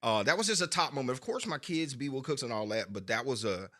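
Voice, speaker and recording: Co-hosting a podcast, a man tells loose, laughing stories in casual chat and acts out other people's voices. His medium-pitched voice is expressive, fast, pushed and bright.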